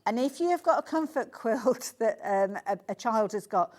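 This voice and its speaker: A woman's voice: a little high, lively intonation, moderate pace, a little mellow. A woman presenting a live shopping channel demo, gushing and chatty in her sales patter. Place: TV studio.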